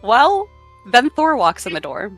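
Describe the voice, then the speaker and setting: A woman's voice: on the high side, very animated, measured pace, a bit bright, faint music behind. A woman co-hosting a podcast, casually retelling old myths in a chatty way, full of fillers. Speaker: podcast co-host. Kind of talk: casual storytelling chat.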